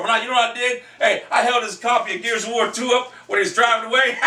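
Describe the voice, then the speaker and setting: Brash, high-voiced man ranting in an echoey room. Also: steady tone, fast, hardly any pauses, far from the mic. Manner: brash, profane, rambling, bursts into shouting. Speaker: video game vlogger. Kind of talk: profane game-console rant. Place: back room of his house.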